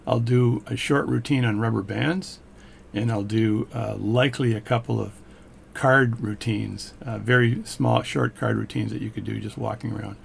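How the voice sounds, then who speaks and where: Gravelly low-voiced man teaching coin magic. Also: steady tone, moderate pace, slight background noise. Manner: chatty, demonstrates step by step. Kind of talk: casual hands-on tutorial.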